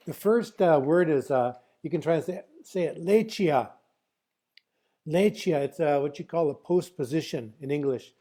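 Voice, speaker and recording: A man teaching a song over a video call, speaking in a halting way with many filler pauses. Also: fairly high pitch, dark tone. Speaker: flute player teaching a song.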